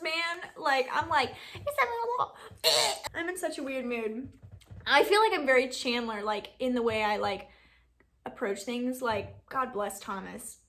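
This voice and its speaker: A young woman from Alabama talks through a casual Q&A vlog. She rambles, fills her talk with "like", and laughs often. Her voice is bright and a little high. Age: 20s. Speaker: beauty YouTuber.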